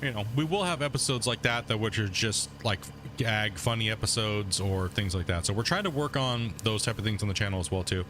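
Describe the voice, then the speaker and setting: A man's voice: fairly low pitch, brisk, noisy background. A man live streaming a game, chatting casually and rambling with lots of fillers like "man" and "right," sometimes talking between bites of food. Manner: talks between bites while eating. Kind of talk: casual live stream chat while playing.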